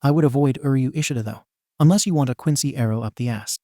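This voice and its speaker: A man's voice: mid-range voice, quick pace, warm tone, no echo, studio quality, lightly acted. A man voicing a cocky young male swordsman in a read-aloud story, with a wry, teasing delivery.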